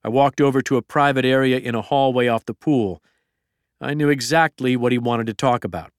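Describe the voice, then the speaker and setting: A middle-aged man reads a memoir aloud in a plain, measured way. His voice is smooth and clear at a mid pitch, recorded dry and close with no room sound. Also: no room sound. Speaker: narrator. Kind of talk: memoir audiobook narration.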